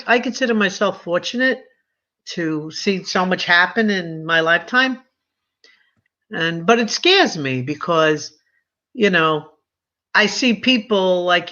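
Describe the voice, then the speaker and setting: A woman's voice: fairly low pitch, pushed and bright. A woman in her seventies chatting casually, telling stories and putting on quoted voices. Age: 70s. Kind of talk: casual chat. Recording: dull lo-fi sound.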